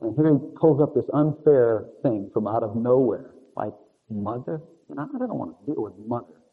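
A man's voice: mid-range voice, sing-song, fairly quick, gravelly, slightly rough. A man preaching a conversational sermon in a rambling, confessional way with chuckling asides. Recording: narrow phone-like lo-fi sound.

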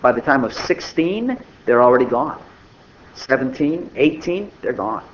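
A man's voice: mid-range voice, expressive, a little slow. An older man giving an informal, conversational sermon, acting out little dialogues as he goes. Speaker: preacher. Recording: dull lo-fi recording with faint noise.

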